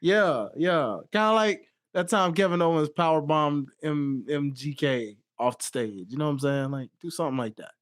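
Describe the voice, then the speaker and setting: A man co-hosting a podcast in casual chat, animated and quick to laugh, his voice trailing off low at the ends of phrases. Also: dry recording. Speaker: podcast co-host.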